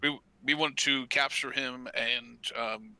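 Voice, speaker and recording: A man's voice: mid-range voice, fairly even intonation, takes it slowly, vocal fry, pushed and bright, low-quality recording. A man narrating and voicing characters as game master of a tabletop game, rambling with lots of filler words.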